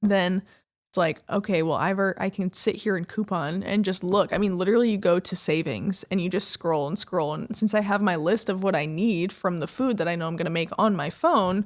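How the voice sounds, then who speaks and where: A woman's voice: on the low side, fairly quick. A woman from the American Midwest co-hosting a podcast, chatting casually and animatedly with many fillers. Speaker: podcast co-host. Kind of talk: casual chat.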